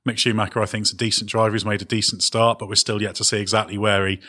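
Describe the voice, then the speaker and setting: Lower-pitched man, bright tone, measured podcast chat. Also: flat delivery. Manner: measured, hedging, with wry chuckles. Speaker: podcast host. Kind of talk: casual motorsport discussion. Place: on location.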